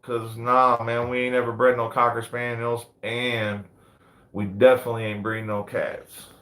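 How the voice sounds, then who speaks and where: A man's voice: mid-range voice, level tone, normal speed, pushed and bright, echoey room. A man in his thirties hosting a casual live chat indoors, laid-back and peppering his talk with "man" and "you know what I mean.". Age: 30s. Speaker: livestream host and dog breeder. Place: indoors under big lights.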